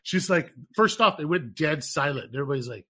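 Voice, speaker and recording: A man telling profane, animated stories in casual podcast chat. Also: fairly high pitch, fast. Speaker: podcast co-host.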